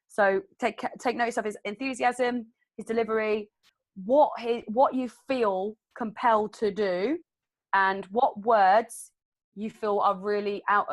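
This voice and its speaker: Woman co-host, relaxed, rambling instructions, mid-range voice. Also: mid-range voice. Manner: relaxed, rambling, many fillers. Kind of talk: casual explanation.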